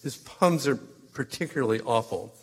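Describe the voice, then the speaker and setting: An actor reading letters as a stern, opinionated literary critic who lectures and corrects. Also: male voice, medium pitch, animated, moderate pace, slightly rough. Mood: critical. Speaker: letter reader. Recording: long hall reverb.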